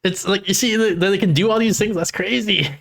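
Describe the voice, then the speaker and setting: A man's voice: high-pitched, steady tone, fairly quick, vocal fry, fairly bright tone. A man hosting a live stream in casual chat, thinking aloud with many false starts. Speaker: streamer host.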